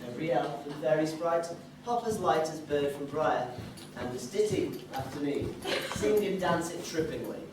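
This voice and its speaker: An actor playing the commanding fairy king, chanting a measured verse blessing on a live stage. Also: medium pitch, animated, lightly acted. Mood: solemn. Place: theatre stage, audience filming. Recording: echoey hall, mic far off, noisy.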